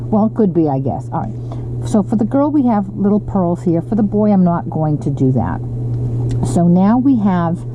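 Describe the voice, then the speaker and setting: A woman's voice: fairly low pitch, sing-song, normal speed. A woman casually demonstrating card making, chatty, with frequent ums and self-corrections. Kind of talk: casual craft tutorial. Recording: lo-fi with audible background noise.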